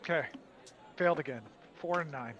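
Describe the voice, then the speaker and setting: A woman's voice: low voice, moderate pace, fairly bright tone, dull audio. A woman player at a tabletop game, chatting casually and joking about her bad dice rolls. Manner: laughs easily, self-mocking about dice rolls.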